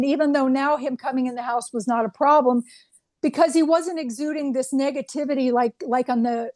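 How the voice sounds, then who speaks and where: A woman guest telling a personal anecdote in an interview, animated and quoting dialogue. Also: high-pitched, dry recording. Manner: animated anecdote with acted quotes. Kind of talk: storytelling in an interview.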